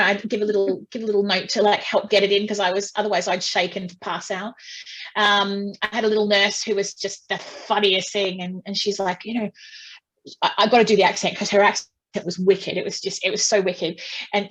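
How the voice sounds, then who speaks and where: A woman's voice: mid-range voice, steady tone, brisk, low-quality recording. Chatty woman singer telling her story. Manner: chatty, restarts often, acts out quotes. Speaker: singer being interviewed. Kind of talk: casual interview talk.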